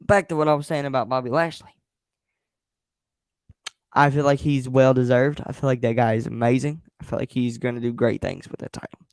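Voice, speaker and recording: A man's voice: mid-range voice, steady tone, fairly quick, no echo, studio quality. A young man hosting a wrestling review show, speaking frankly and with blunt emphasis as he vents and shares opinions. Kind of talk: casual chat.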